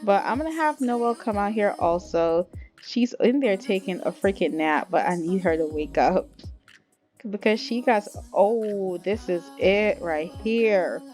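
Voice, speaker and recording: A woman vlogger gushes over her game characters, laughs easily and keeps turning to her audience as if chatting with friends. Her voice sits at a middle pitch, and soft music plays underneath. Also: measured pace. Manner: chatty, laughs often, talks straight to viewers. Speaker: gameplay vlogger. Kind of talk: casual game commentary.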